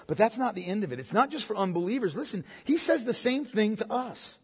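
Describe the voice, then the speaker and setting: A man's voice: sits high, lively intonation, a little fast, hardly any pauses, husky, big-room sound. A pastor preaching a sermon in a conversational way, firing off rhetorical questions and calling listeners "man.".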